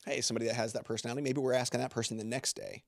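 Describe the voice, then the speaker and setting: A man's voice: mid-range voice, level tone, rapid-fire, no echo, clean studio sound. A man speaking as a guest on a podcast, in loose, rambling conversation full of filler words and restarts. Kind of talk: casual interview talk.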